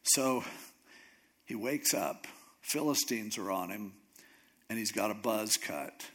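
A man preaching a sermon, retelling a story in a lively, joking way with asides. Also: on the low side, slow pace.

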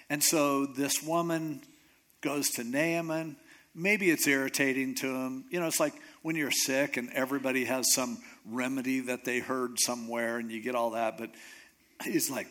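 A middle-aged male pastor preaching a sermon, retelling a Bible story in a lively, conversational way and acting out the characters' lines. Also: medium pitch. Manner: animated storytelling, acting out characters in quick asides.

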